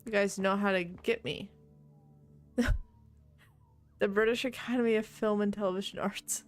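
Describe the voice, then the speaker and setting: Here she keeps a steady tone at a moderate pace in her mid-range voice, with soft music playing underneath. It's casual gameplay commentary from a young woman who reads the screen's text out loud and erupts in laughing shrieks.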